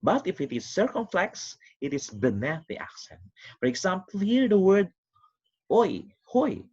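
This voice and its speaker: A man teaching a recorded online lesson, explaining step by step with quick recaps in an animated, sing-song way. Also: high voice, husky. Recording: dull lo-fi recording.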